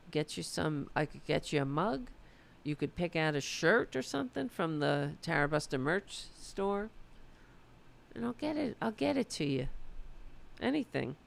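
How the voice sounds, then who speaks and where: A woman from the United States hosting a political livestream, chatting loosely and swearing, her voice going hoarse. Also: fairly low pitch. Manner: loose, profane, rambling. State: losing her voice. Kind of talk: casual livestream chat.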